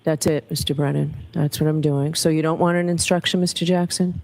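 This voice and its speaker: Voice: medium pitch, flat delivery, fairly quick, darkish tone, slight background noise. Firm judge giving rulings. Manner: firm, decisive. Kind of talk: courtroom ruling.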